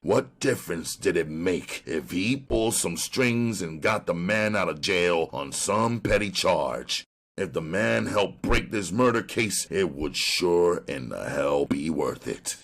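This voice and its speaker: A man narrating a crime audiobook in an expressive storytelling manner. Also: a bass voice, measured pace, creaky, husky.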